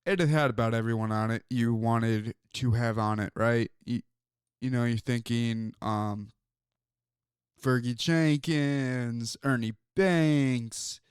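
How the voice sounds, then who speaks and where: Slow-talking man hosting sports talk. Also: mid-range voice, steady tone, smooth, no echo, clean studio sound. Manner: rambling, storytelling, many fillers. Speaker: sports talk show host. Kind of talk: casual sports talk monologue.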